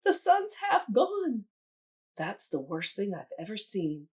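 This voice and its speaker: A careless, grass-obsessed goat, as a woman puts him on, bleating with a lively up-and-down pitch. The voice is breathy and dismissive. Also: takes it slowly, heavily acted.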